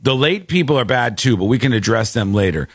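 A man hosting a talk show, chatting casually and ranting with animated, acted-out quotes. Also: mid-range voice, a little fast, gravelly, husky, no room sound, clean studio sound. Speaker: podcast host. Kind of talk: casual chat.

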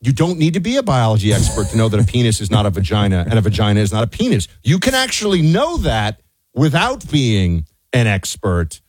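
A man's voice: on the low side, huge pitch swings, fairly quick, darkish tone, dry recording. Emphatic man on talk radio. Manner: emphatic, sarcastic, argumentative. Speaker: radio show co-host. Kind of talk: opinionated talk radio commentary.

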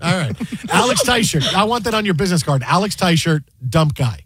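A man hosting a casual on-air chat, telling a lively anecdote. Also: high-pitched, fast, husky. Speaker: host.

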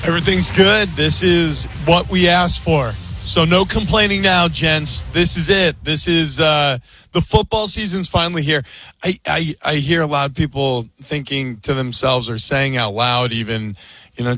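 A man with a fairly high, bright voice co-hosts a sports radio show. He talks casually and stumbles into frequent restarts. The sound is dry and close. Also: moderate pace, no echo, faint music behind.

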